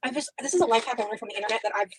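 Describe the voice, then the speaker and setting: A woman chatting casually in a video, sharing snack tips and personal thoughts in a relaxed way. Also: fairly high pitch, very fast, noisy background. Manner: relaxed, chatty, eats while talking.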